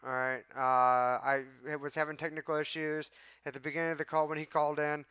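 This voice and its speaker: A man hosting a live stream, venting with a lot of swearing and answering his viewers by name. His voice is smooth and slightly high, recorded close and dry with no room sound. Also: level tone, brisk, sharp tone, no echo. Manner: exasperated, profane, talks to chat. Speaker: livestream host. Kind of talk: casual live-stream talk.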